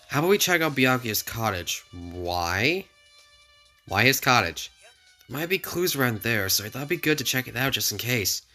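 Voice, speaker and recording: A man reading the lines of a soft-spoken, oddly hopeful young man in a calm, earnest way. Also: medium pitch.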